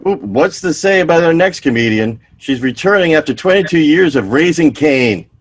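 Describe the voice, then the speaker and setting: A man's voice: a little high, lively intonation, normal speed. A man hosting a comedy show over a video call, introducing each comedian with upbeat emcee patter. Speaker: show host.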